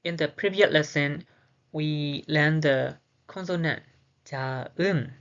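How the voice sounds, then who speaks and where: Woman, language teacher, low voice, slow repetition, dull lo-fi recording. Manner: repeats each sound slowly, switching between Korean and English. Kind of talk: slow, careful beginner lesson.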